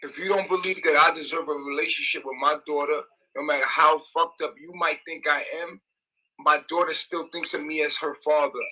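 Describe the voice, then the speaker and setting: A man's voice: a little high, steady tone, a little fast, sharp tone, low-quality recording. A young man, ranting in an agitated, repetitive, profane livestream monologue.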